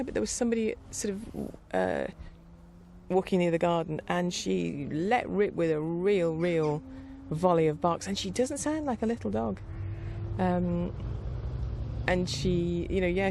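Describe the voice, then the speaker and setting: A woman's voice: on the low side, lively intonation, normal speed, gravelly, darkish tone, a little hiss or hum. A middle-aged woman rambling casually as a podcast host, chatty and meandering. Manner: chatty, meandering, with frequent restarts and laughs.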